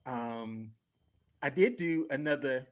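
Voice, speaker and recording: A middle-aged man tells stories on a sports podcast. He is animated and slangy, and he laughs often as he talks. His voice sits at an ordinary pitch for a man. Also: slow pace. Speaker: podcast co-host. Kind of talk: casual chat.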